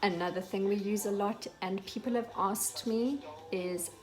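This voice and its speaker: A woman's voice: medium pitch, fairly even intonation, normal speed, a little mellow, soft background music, low-quality recording. A woman from South Africa with a South African accent, chatting casually on her vlog. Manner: chatty, explaining with repeated example phrases. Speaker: vlogger. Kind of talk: casual chat.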